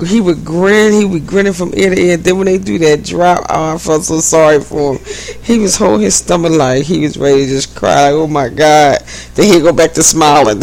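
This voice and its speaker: Gravelly-voiced man telling stories. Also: fairly high pitch, rough recording. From Philadelphia–New Jersey area. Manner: animated storyteller, laughs often. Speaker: podcast co-host. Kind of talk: casual chat.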